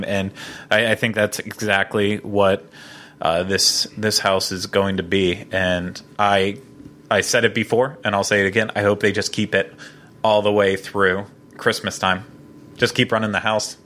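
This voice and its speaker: A man hosts a relaxed podcast conversation, his voice somewhat low but bright and forward. He talks with eager enthusiasm, circling back on his words and restarting sentences as he goes. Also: normal speed, slight background noise. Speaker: podcast host. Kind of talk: casual podcast chat.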